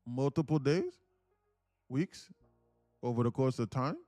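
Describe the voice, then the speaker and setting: A man's voice: mid-range voice, expressive, a little slow, dark tone, no echo, studio quality, faint music behind, close to an everyday voice. A man voicing an older millionaire trading mentor with an Indian accent, speaking in clipped, blunt phrases. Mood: probing.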